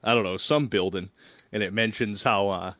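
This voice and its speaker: A man in a relaxed gaming chat, laughing easily and swearing casually. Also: lowish voice, moderate pace, no room sound. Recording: dull, dry lo-fi sound.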